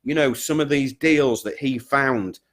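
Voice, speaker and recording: Emphatic business coach. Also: male voice, medium pitch, a little slow. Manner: repetitive, emphatic, keeps checking in with "okay?" and "guys". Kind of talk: direct-to-camera coaching talk.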